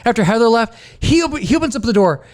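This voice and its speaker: Podcast host guy, casual chat, bouncy lively voice, does little voices for coworkers. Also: very high-pitched, quick pace. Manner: animated storyteller, acts out quotes of coworkers.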